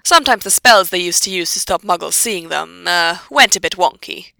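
A woman voicing a sharp-tongued young witch with a bright, gravelly voice. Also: lowish voice, expressive, normal speed, no room sound, exaggerated voice. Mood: snappish. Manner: clipped, snappish.

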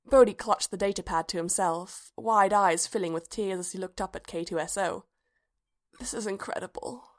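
A woman's voice: medium pitch, steady tone, moderate pace, hardly any pauses. Woman reading a story aloud. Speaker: reader. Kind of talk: storybook narration.

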